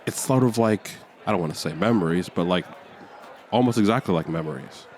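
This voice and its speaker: A man's voice: low voice, expressive, fairly quick, a little mellow. A man doing a rambling, mock-somber stand-up set, sighing between lines. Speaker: stand-up comedian. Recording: faint crowd and street noise.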